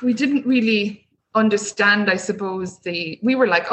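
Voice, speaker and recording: On an interview podcast, a woman who owns a small business talks casually, bringing her stories to life by acting out quoted voices. Her mid-range voice moves at a normal speed. There's a little hiss or hum in the rough recording.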